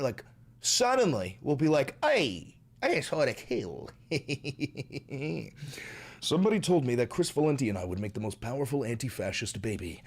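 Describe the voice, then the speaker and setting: A man ranting loudly and profanely while chatting on a live stream. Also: on the high side. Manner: loud, animated, profane, ranting.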